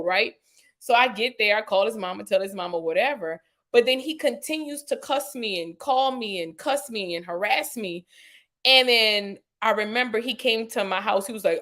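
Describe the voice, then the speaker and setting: A woman, a podcast guest telling a personal story in a lively way, acting out quotes with sudden jumps in pitch and using lots of "you know" and "like". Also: moderate pace. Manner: animated retelling, acts out quotes with sharp pitch jumps; frequent "you know" and "like" fillers.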